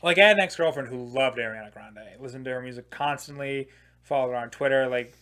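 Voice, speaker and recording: A podcast host in his twenties tells a long comedic story in a fairly bright, mid-range voice at a quick pace. He rambles, swears freely, says "like" constantly along with other filler, and laughs at his own jokes.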